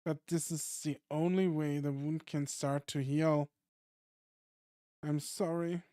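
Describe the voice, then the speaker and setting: Drayden is a calm, earnest caretaker who soothes rather than scolds, as a man reads him. His voice is smooth and clear, taken slowly, and sits close and dry on the mic. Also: fairly high pitch, dry recording. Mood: soothing. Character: gentle, protective adult male caretaker in a fight league.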